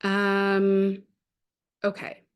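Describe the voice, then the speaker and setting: Over a video call, a woman gives an online parenting training, chatting and telling stories with frequent fillers and restarts. Her medium-pitched voice is smooth and very slow, with completely flat delivery.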